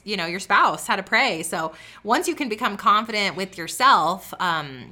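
A woman's voice: medium pitch, sharp tone. A woman in her thirties giving a fervent, preachy motivational talk on faith and business, with a lot of repetition and "like".

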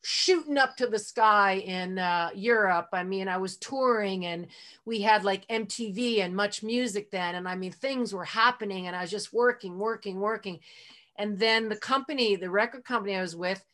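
Woman, middle-aged, podcast guest, casual storytelling, heartfelt, chatty fillers, medium pitch. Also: moderate pace, a bit bright. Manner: chatty, frequent fillers like "like" and "you know"; heartfelt, openly emotional. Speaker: interview guest.

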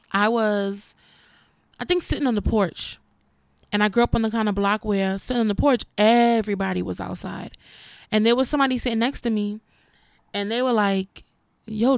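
A woman's voice: mid-range voice, creaky, no echo, clean studio sound. A woman in her twenties talking straight to her viewers, candid and sassy, calling them honey. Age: 20s. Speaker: vlogger. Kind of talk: casual talk to camera.

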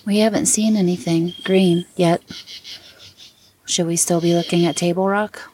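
A woman taking part in a spirit box session, speaking gently and patiently, often in a hushed voice. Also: fairly low pitch, steady tone, normal speed. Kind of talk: soft-spoken session talk.

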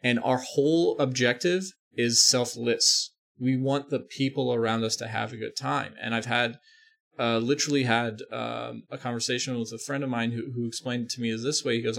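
Gravelly podcast host, earnest. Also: male voice, mid-range voice, steady tone, normal speed, a bit bright. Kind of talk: casual podcast chat.

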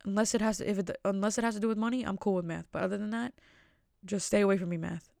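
A woman hosts her podcast from home in a loose, rambling chat and pokes fun at herself as she goes. Her voice has a gravelly, fry-tinged edge. The sound is dry and close, with no room echo. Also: mid-range voice, steady tone, quick pace, a little mellow. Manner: rambling, self-mocking jokes. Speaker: podcast host. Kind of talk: casual solo podcast chat. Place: at home with family asleep.

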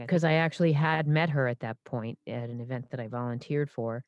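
A woman in her fifties, a stage performer and impressionist, telling stories in an animated way full of restarts and asides. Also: very deep voice, fairly quick, dry recording, muffled recording. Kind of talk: casual interview storytelling.

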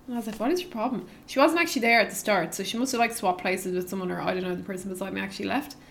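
Animated woman telling stories. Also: medium pitch, rapid-fire, gravelly, a little hiss or hum. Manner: animated storyteller, acts out her own reactions. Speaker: podcast co-host. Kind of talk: casual chat.

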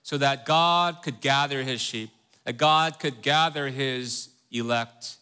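A man's voice: mid-range voice, bright, forceful tone, clear, resonant tone. A man teaching a Bible study who keeps asking his listeners questions and checking in with "right?", earnest and emphatic. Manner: earnest, reads scripture slowly with rising emphasis.

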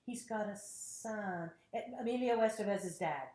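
A woman actress as an interview guest, telling lively stories about her career and acting out the people in them. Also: mid-range voice, measured pace, reverberant. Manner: animated storyteller, acts out quotes. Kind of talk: casual interview storytelling.

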